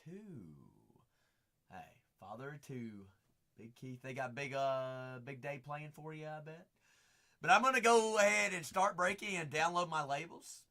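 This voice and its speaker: Bright, lively man hyping a card break. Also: on the high side, measured pace. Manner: hype-driven, bursts into shouts; chatty, teasing viewers by name. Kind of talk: live-stream auction patter.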